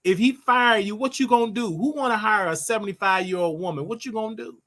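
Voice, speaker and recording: A brash older man hosts his own talk show with a bright, forceful edge to his voice. He scolds and stretches words out for emphasis, and his voice sits a little high for a man. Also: fast. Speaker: show host. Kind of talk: casual commentary monologue.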